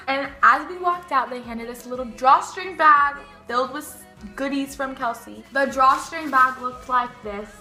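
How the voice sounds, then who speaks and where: Gushy teen girl vlogging, high bright voice, echoey room, faint music behind. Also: normal speed. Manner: gushing, breathless, full of "like". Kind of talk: excited storytelling vlog.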